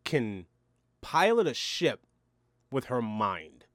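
A man's voice: medium pitch, takes it slowly, no room sound, clean studio sound. A man in casual conversation reviewing a film, ranting with disbelief. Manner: incredulous, animated ranting. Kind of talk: casual movie review chat.

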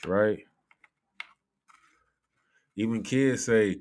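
A man with a lowish voice talks through a casual commentary vlog. He rambles loosely, laughs often and swears freely as he goes. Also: unhurried. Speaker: commentary vlogger.

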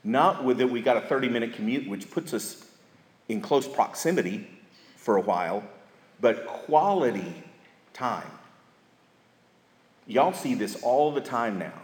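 A man's voice: medium pitch, expressive, moderate pace. Folksy man in an echoey hall. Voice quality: folksy, storytelling with emphatic repetition. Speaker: marriage seminar speaker. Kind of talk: church seminar talk. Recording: echoey hall with live audience.

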